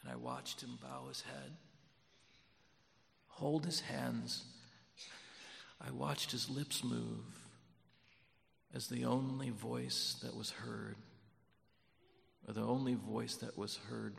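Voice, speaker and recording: A man preaching a sermon as pastor, moving between hushed storytelling and loud, fervent preaching. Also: medium pitch, little pitch movement, takes it slowly, creaky, long pauses, long reverb tail, a little hiss or hum.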